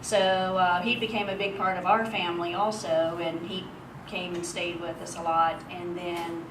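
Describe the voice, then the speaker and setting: A woman's voice: on the low side, little pitch movement, normal speed. A woman speaking at a memorial, telling stories in a chatty way and laughing often. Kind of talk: personal eulogy story. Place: memorial gathering hall. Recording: echoey room, distant mic, noisy.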